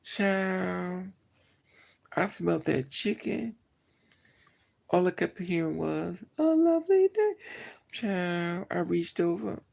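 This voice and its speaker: A vlogger telling a story in a casual chat, animated and gossipy, acting out both sides of the conversation. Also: mid-range voice, slow pace, creaky, pauses often.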